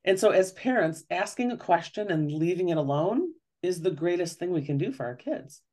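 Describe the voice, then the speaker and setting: A woman's voice: on the low side, expressive, normal speed, darkish tone. A woman, a parenting author, talking earnestly in an interview and often acting out the questions she describes. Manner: earnest, explanatory, often acts out quoted questions. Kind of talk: conversational interview.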